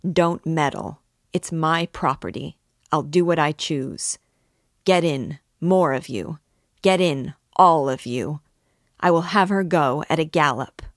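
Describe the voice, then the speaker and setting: A woman voicing a drunken, cruel peasant man who shouts loudly in an audiobook reading. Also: takes it slowly, dry recording, clean studio sound. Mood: furious. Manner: shouting, louder and a bit higher than her narration. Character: drunken brutal male peasant, bellowing and cruel.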